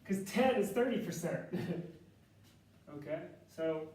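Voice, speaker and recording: A man's voice: a little high, animated, slow pace, darkish tone. A man teaching a math class, working through loan calculations aloud step by step in a casual way. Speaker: math instructor. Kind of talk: classroom lecture. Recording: echoey classroom from far off.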